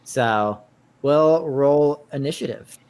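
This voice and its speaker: A man running a tabletop game as game master, narrating casually in a halting way with many filler words. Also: medium pitch, a little mellow, smooth.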